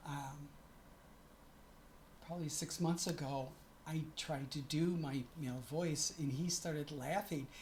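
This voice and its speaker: A middle-aged woman vlogs casually to camera, frequently stopping to correct herself. Her low voice is steady and a little mellow, and she speaks slowly with long pauses. A slight hiss or hum runs through the recording.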